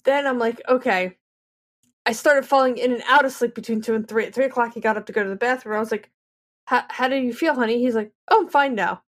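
A woman's voice: on the high side, fast talker. Chatty woman telling a story. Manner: animated storyteller, acts out both sides of dialogue. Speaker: podcast co-host. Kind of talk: casual podcast chat.

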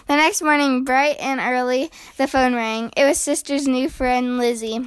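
A woman reading a children's picture book aloud in a slow, gentle, expressive way. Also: sits high, clean tone. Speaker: storyteller.

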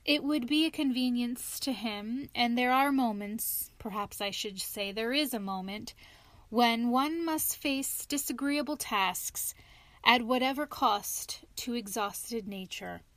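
A woman's voice: a little high, slow pace, fairly bright tone, no echo. A woman reading a storybook, voicing a sly male toad who feigns illness in a feeble, languid, self-pitying way. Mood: feeble, martyred. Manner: languid, feeble, sighing, dramatic.

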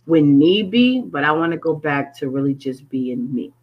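A woman from Connecticut, a guest in a casual chat, telling stories in an animated way and acting out what people said. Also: low voice, moderate pace, slightly rough, muffled recording. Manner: animated storyteller who acts out quotes.

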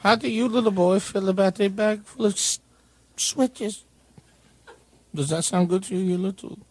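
A male radio host voicing a loud, blustery Santa Claus who mixes jolly ho-ho-hos with threats. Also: high voice, normal speed, voice pushed down.

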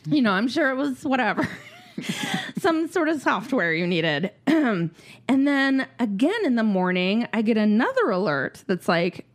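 A woman's voice: fairly high pitch, a little slow. A woman in her thirties telling a family story in casual podcast chat, swearing freely and acting out what people said. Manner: animated, swears freely, acts out quotes.

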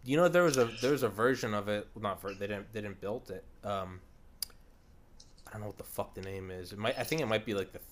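A man's voice: fairly low pitch, quick pace, a little hiss or hum. A man hosting a podcast in casual chat. He rambles and swears with enthusiasm. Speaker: podcast host.

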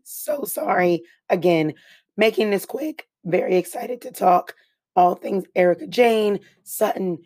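A woman hosting a podcast with a hoarse voice she has nearly lost, talking casually and apologizing through a quick intro. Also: fairly low pitch, darkish tone, no echo, studio quality. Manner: apologetic, rushed, laughing at herself. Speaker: podcast host.

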